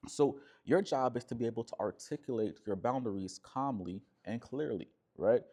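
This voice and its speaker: A man's voice: mid-range voice, moderate pace, warm tone, husky. A man coaching listeners on relationships, talking emphatically and checking in with a frequent "right?". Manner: emphatic, repeats "right?" often, acts out quoted voices. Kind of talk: direct-to-camera coaching talk.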